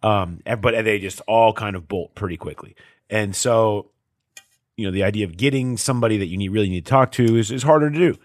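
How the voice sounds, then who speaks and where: Brisk and lowish in pitch, this sports reporter spins chatty stories on the podcast he co-hosts, full of fillers and his own laughter. The sound is studio quality with no room sound.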